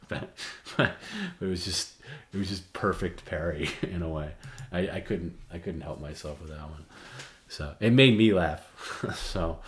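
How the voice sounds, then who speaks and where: Man, low voice, casual livestream co-host, soft-spoken and halting. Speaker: show co-host.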